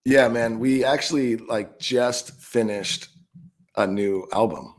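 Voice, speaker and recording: A man's voice: medium pitch, takes it slowly. A man in his late thirties, a guest musician chatting casually and laughing through his stories. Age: 30s. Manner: easygoing, laughs while telling stories. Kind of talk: casual chat.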